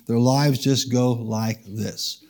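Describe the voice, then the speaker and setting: A male pastor leads a church congregation in call-and-response during his sermon, altering his pace to emphasize points. He talks slowly in a steady, medium-pitched, slightly mellow voice.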